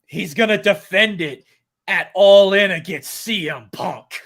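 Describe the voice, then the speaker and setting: A man putting on a loud, drawn-out impression of a wrestling boss. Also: high voice, heavily acted. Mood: booming.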